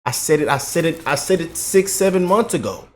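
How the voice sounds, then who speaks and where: A man giving an animated, mocking reaction commentary for his video channel, repeating himself for emphasis. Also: fairly high pitch, fairly quick. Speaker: YouTube commentator.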